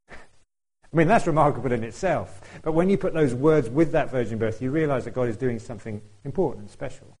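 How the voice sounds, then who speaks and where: A man gives a relaxed, chatty sermon in a warm, mellow voice. He talks straight to the congregation and keeps putting questions to them. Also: medium pitch, a little fast, breathy edge, low-quality recording. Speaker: preacher. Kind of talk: conversational sermon.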